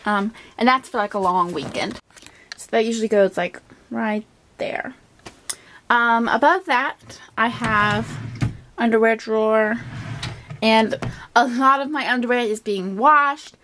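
Casual woman vlogger, higher pitch, chatty and loose, lots of filler words. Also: a little slow, pauses often, pushed and bright, a little hiss or hum. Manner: chatty, many ums and likes. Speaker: beauty vlogger. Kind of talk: casual closet tour vlog. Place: at home by her closet.

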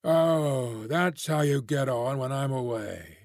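A man voicing a gruff male farmer who speaks curtly and doggedly. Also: mid-range voice, takes it slowly, darkish tone, dry recording, clean studio sound. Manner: curt, dogged.

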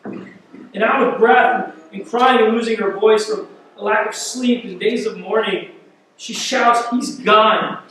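A man's voice: high voice, steady tone, a little slow, fairly bright tone, slight background noise. A man preaching a sermon as pastor, retelling a scripture story vividly and repeating words as he builds intensity. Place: church. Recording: echoey church hall, mic at a distance.

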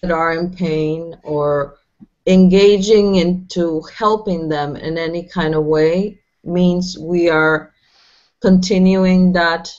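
A woman participant in a webinar, asking a halting question with many fillers. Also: lowish voice, steady tone, a little mellow, highs cut off.

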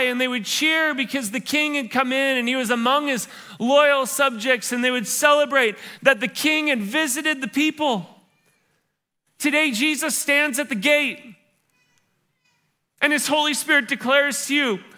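A pastor with a high, bright and ringing voice preaches a church sermon. His delivery is conversational and playful. He keeps slipping into the voices of his listeners to act out what they are thinking. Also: normal speed. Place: church service.

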